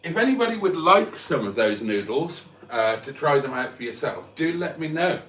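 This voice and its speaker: Speaking live from a room at home, this hungover vlogger lisps and jokes about himself in a casual chat. His voice is a little high and a bit bright, with big pitch swings at a moderate pace. A distant mic leaves the audio roomy and off-mic.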